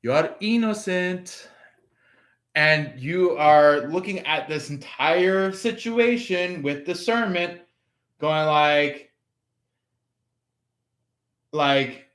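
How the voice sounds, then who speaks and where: Slow-talking man giving a tarot reading. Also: a little high, fairly bright tone. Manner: acts out quoted voices, laughs, filler-heavy. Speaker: tarot reader. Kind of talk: live tarot reading, casual talk.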